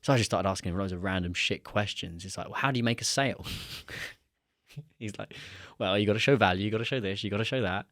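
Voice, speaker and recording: A young man with a low voice tells a story in a casual podcast chat. He livens up as he acts out both sides of the conversation. The sound is close and dry, with no room echo. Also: fast talker. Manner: animated, acts out quoted dialogue. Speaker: podcast guest.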